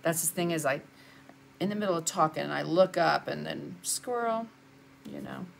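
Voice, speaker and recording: A woman's voice: deep voice, animated, normal speed, gravelly, a little hiss or hum. An older woman, chatting through a live painting lesson and answering viewers as she works. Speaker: art instructor.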